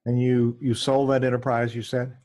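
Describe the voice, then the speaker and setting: Guy hosting an interview, asks stuff kinda hesitantly, mid pitch. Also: level tone, moderate pace, darkish tone. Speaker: host. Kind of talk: interview questions.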